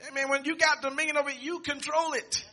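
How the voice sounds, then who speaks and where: A man preaching a sermon, reading scripture aloud with restarts and repeats, and rising to shouts and exclamations. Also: very high voice, flat delivery, quick pace.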